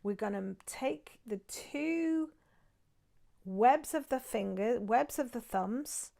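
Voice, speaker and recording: A woman teaching acupressure and breathing, guiding listeners calmly step by step while she demonstrates on her own hands. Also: a little high, slow pace, creaky. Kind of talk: guided acupressure and breathing instruction.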